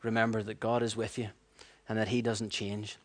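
A man preaching a sermon, animated and storytelling, acting out voices and laughing at his own stories. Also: lowish voice, normal speed.

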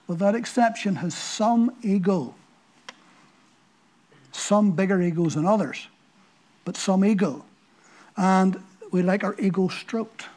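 A man's voice: high-pitched, a little mellow. An older man preaching a sermon, telling a personal story in a conversational way with frequent repeated words. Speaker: pastor.

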